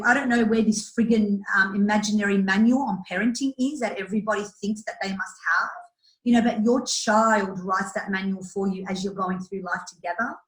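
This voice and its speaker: A woman talking as an interview guest about coaching children, earnest and animated, speaking bluntly with mild swearing. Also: medium pitch. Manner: earnest, animated, acts out quotes. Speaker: guest, youth empowerment and kids' yoga coach. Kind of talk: casual interview talk. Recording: roomy echo.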